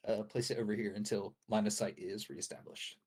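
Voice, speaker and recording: A young man narrating as game master for a tabletop game, casual and halting, with frequent uhs and restarts. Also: fairly low pitch, steady tone, darkish tone, slightly rough.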